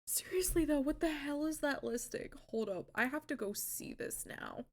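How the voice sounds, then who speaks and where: A woman's voice: sits high, moderate pace. A woman hosting a live stream, chatting casually, blunt and swearing, laughing often. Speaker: streamer host.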